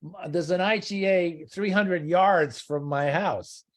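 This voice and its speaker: Halting older man on a home video call. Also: high voice. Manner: halting, stammering restarts, wry understatement. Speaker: guest, singer-songwriter. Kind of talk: casual interview chat. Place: his house.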